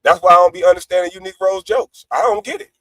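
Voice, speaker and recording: A man ranting on a live stream panel in a brash, profane way. He swings between loud outbursts and low, laughing asides. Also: quick pace, no echo, poor audio. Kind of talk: heated livestream rant.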